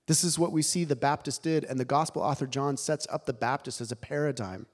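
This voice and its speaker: A man preaching a sermon, animated and emphatic, telling the story with dramatic pauses. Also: medium pitch.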